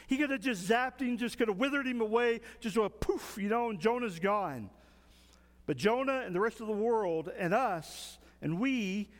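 A male pastor preaching a folksy, animated sermon. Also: sits high, in a large hall.

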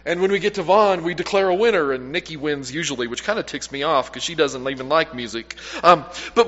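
A male pastor preaching a sermon in a conversational way, often trailing off quietly at the ends of lines. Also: fairly high pitch, fairly quick, few pauses. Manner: conversational, self-correcting, drops to quiet at line ends. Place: church sanctuary. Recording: echoey hall, dull lo-fi sound.

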